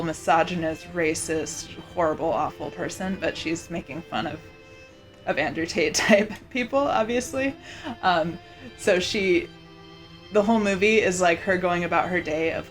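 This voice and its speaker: A woman vlogger chatting casually, rambling with many fillers and restarts. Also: on the low side. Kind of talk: casual chat.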